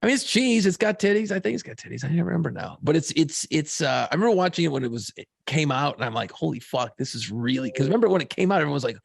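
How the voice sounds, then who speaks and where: A man with a gravelly, raspy voice chats loosely and swears freely, laughing along as he goes. His mid-pitched voice sits close and dry, with no room sound around it. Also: big pitch swings, very fast, few pauses, dry recording. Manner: laid-back and profane, laughs often. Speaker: podcast co-host. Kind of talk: casual chat.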